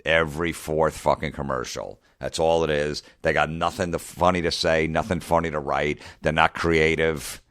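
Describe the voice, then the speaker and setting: A middle-aged comedian rants in a profane, exasperated monologue, replaying old arguments in quick back-and-forth. His voice sits extremely low. The sound is dry and close, with no room around it. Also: steady tone, fairly bright tone, dry recording. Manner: profane, exasperated, re-enacts conversations. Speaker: comedian podcast host. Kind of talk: ranting monologue.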